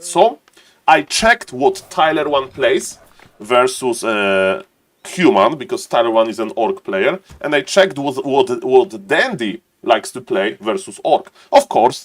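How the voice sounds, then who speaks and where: Man, game streamer, casual chat, frequent laughs, mid pitch. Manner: chatty, laughs often, greets viewers by name. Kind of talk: casual livestream chat to viewers.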